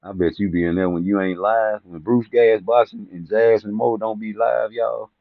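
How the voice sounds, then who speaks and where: A gravelly, lowish voice with a steady tone and moderate pace belongs to a boxing commentary vlogger doing a comedic rant to camera. He rambles profanely about boxing personalities, mocking people and laughing at his own jokes, and the recording is dry, tinny and phone-like.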